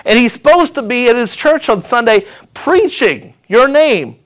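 A man voicing an indignant male Holy Spirit who protests with incredulous questions in a high voice. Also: very animated, measured pace, a bit bright, heavily acted.

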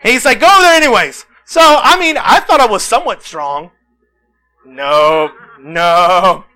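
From the pulpit, a pastor preaches in a high, ringing voice, telling lively personal stories. He's animated, acting out the voices of the people he quotes. The recording is rough.

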